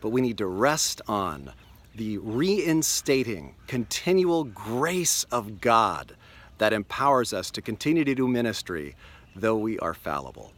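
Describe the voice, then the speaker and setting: A man's voice: lowish voice, sing-song. Male pastor, earnest devotional storyteller, recorded outdoors on a lakeshore. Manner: earnest, storytelling, slows for emphasis. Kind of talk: daily video devotional.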